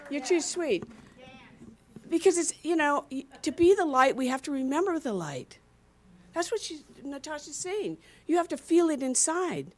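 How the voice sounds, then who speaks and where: A woman's voice: high voice, moderate pace. A woman speaking to a congregation, playfully calling on people to say what they love and responding to their answers. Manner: lively, playful, questions the congregation directly. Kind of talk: interactive sermon.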